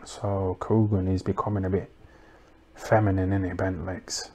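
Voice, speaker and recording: A man doing a rambling comic monologue, deadpan and crude, mocking people and tacking "innit" and "you know what I mean" onto his lines. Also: low voice, moderate pace, gravelly. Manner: deadpan, crude and mocking, full of tag questions. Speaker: comedic livestream host.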